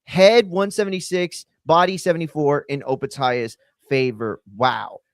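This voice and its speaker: A man's voice: a little high, fairly even intonation, a little slow, no echo, studio quality. Joking man co-hosting a live fight stream. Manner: joking, loose slang, swears freely. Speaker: co-host of a live fight watch-along stream. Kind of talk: casual live-stream chat.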